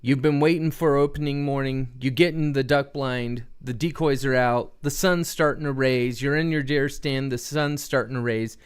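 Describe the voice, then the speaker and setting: A man chats loosely on a livestream, speaking straight to his viewers and asking them questions. His voice is smooth and clear, sitting at an average pitch for a man. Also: fairly even intonation, normal speed, few pauses. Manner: rambling, talks straight to chat, asks viewers questions. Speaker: livestream host. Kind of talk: casual livestream chat with viewers.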